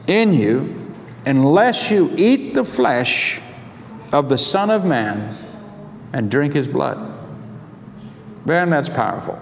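A man preaching a sermon, reading scripture aloud with a slow, drawn-out, emphatic delivery. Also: mid-range voice, big pitch swings, vocal fry. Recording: long hall reverb, faint background noise.

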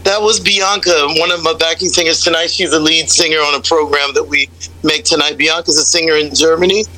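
A woman's voice: deep voice, fairly even intonation, brisk, sharp tone, poor audio. A woman from the United States, a guest singer, chatting in a radio interview with a talkative, direct manner. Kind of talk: casual radio interview chat.

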